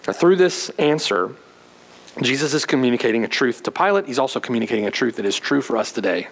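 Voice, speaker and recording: A pastor preaching an earnest sermon, retelling scenes vividly. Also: male voice, on the high side, expressive, brisk, a bit bright, in a large hall, poor audio.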